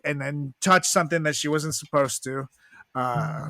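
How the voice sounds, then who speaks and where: A man's voice: fairly high pitch, normal speed, a bit bright, no echo. A man co-hosting a podcast in casual chat, crude and laughing as he tells stories. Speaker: podcast co-host.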